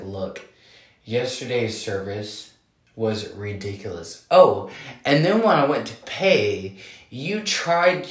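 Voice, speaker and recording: A man in his thirties telling a story casually, animated and indignant, with many fillers. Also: medium pitch, roomy sound. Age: 30s.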